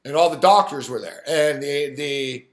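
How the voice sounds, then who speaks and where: A man hosting a sports talk live stream, telling a story in an animated, profane rant full of quoted voices. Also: medium pitch, moderate pace, echoey room.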